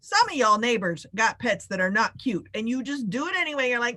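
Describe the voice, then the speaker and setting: A woman leading a live online workshop over a video call, talking in an animated, playful way and swooping up high for emphasis. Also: a little fast, few pauses. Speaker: workshop facilitator.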